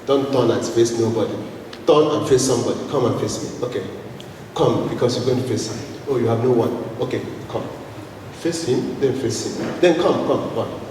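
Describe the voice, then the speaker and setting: A man's voice: medium pitch, normal speed. A man from Nigeria, a Catholic priest, giving a spiritual talk to a gathering, telling a story and leading the audience in call and response. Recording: echoey hall, voice from far off, noisy.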